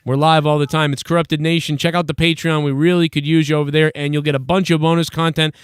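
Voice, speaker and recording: A man's voice: on the high side, little pitch movement, fast talker, clean tone, no room sound, studio quality. A man hosting a casual live call-in show, loose and profane, laughing often. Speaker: host.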